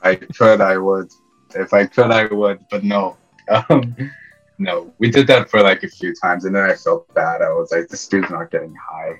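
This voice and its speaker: A man's voice: deep voice, normal speed, a bit bright, highs cut off, soft background music. A young man from Iran, a podcast guest telling casual, self-deprecating stories with frequent restarts. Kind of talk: casual interview storytelling.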